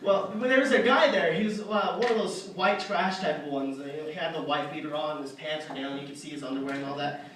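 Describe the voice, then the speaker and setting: A man's voice: a little high, a little fast, fairly bright tone, recorded from a distance, a little hiss or hum. Young man doing rambling stand-up in an echoey hall. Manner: rambling, self-deprecating storytelling with fillers. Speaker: stand-up comedian. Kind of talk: stand-up comedy set. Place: arts center stage.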